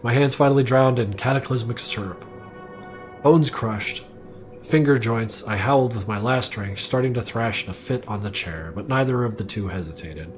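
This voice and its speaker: A man's voice: medium pitch, normal speed, soft background music. A man streaming live, reading a first-person story aloud dramatically, now and then stumbling and correcting himself. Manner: reads aloud with occasional slips and self-corrections.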